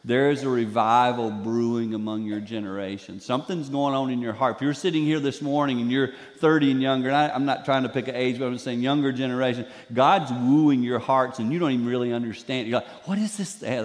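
An older man giving a sermon as a guest speaker in a church, telling stories in an animated way and acting out the voices he quotes. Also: medium pitch, brisk, in a large hall. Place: church sanctuary.

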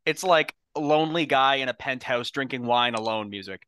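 A man's voice: medium pitch, brisk, fairly bright tone. A young man co-hosting a podcast in casual, crude, self-mocking banter. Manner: sarcastic, self-mocking, swears a lot. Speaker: podcast co-host.

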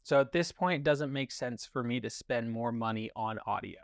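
A man's voice: medium pitch, moderate pace, vocal fry, dry recording, clean studio sound. A man, a guest on a filmmaking podcast, talking casually and rambling with fillers and restarts. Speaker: guest, cinematographer and gaffer.

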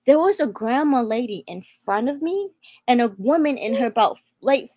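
A woman's voice: fairly high pitch, lively intonation, normal speed, darkish tone, dry recording. A young woman sharing her personal faith testimony as a guest, speaking fervently and repeating phrases for emphasis. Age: young adult.

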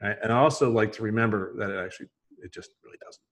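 A man from Philadelphia with a Philly accent, hosting a casual conversation in an animated, joking way. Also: fairly low pitch, racing.

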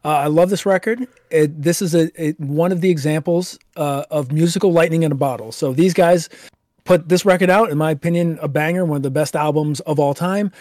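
A man's voice: a little high, a little fast, a little mellow, no room sound, studio quality. A man hosting a casual podcast, reading band history and then raving about an album, swearing casually. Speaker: podcast host. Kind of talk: casual album review chat.

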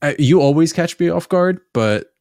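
A man with a New Jersey accent co-hosting a podcast, rambling with halting restarts in casual banter. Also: fairly high pitch, animated, a little mellow, dry recording, studio quality. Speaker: podcast co-host.

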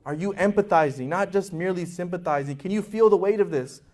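A man's voice: sits high, quick pace, darkish tone. A male pastor preaching a sermon with passion, acting out voices in quotes and asking his congregation questions.

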